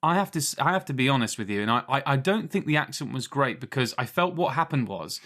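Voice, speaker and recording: A man co-hosting a film podcast in casual, animated chat, laughing often. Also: medium pitch, quick pace. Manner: chatty, animated, laughs often, does voices. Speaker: podcast co-host.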